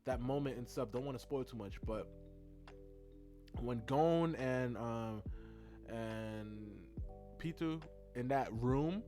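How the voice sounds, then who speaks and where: A man chatting casually in a rambling, excitable way while narrating his drawing video. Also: mid-range voice, slow pace, long pauses, soft background music. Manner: rambling, excitable, with many fillers. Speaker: art content creator.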